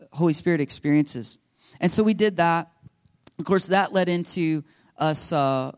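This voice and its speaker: Male pastor, sermon storyteller, lively delivery, higher-pitched, dry studio-like sound. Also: dry recording. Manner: animated storytelling with laughs and acted quotes.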